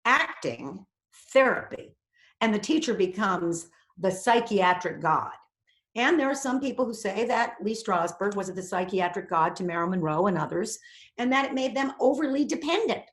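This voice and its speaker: Brief: woman acting coach, lively lecture voice, roomy echo. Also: on the high side. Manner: animated, acts out quoted inner voices. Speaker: acting teacher. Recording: echoey room.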